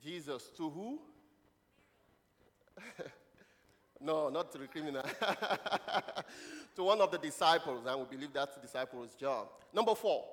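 Preacher with laughs in a reverberant church. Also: male voice, a little high, measured pace, pauses often. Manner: lively, questioning the congregation, laughing often. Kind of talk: children's sermon with call-and-response. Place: church hall. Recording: long hall reverb.

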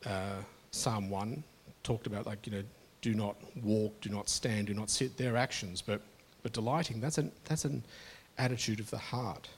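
A man's voice: lowish voice, steady tone, normal speed, few pauses, slight background noise. A middle-aged man preaching a sermon to his congregation in an earnest, conversational way, often restarting his phrases. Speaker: pastor.

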